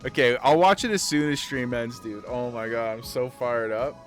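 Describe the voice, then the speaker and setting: A man streaming casually, chatting loosely and getting excited, swearing freely and repeating himself. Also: medium pitch, moderate pace, faint music behind. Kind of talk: casual livestream chat.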